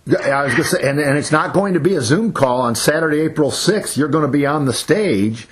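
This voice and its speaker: Man, host, husky voice, rambling hesitant questions, casual interview. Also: fairly high pitch, expressive, a little fast.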